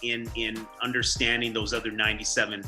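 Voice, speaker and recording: A man hosting an interview over a video call, asking thoughtful, halting questions. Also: lowish voice, little pitch movement, sharp tone, faint music behind, poor audio. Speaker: interview host.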